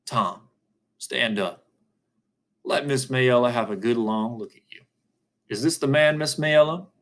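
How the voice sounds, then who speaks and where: A man as a calm, probing defense lawyer. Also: mid-range voice. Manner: measured, probing questions. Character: calm, methodical middle-aged male lawyer.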